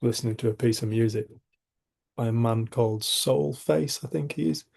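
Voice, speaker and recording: A middle-aged man with a gravelly, husky voice hosts a community talk. His tone is mellow and low-key. He tells his stories in a frank, rambling way, restarting often and swearing without a second thought. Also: normal speed. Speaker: community group host. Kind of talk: reflective personal storytelling.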